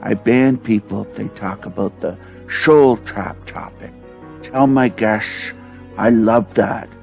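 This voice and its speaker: A gravelly, low, mush-mouthed woman who keeps shushing, drawn out and mocking, as a man puts her on. The voice is slow and lisping. Faint music plays underneath. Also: darkish tone. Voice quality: mushy, lisping delivery with repeated shushing.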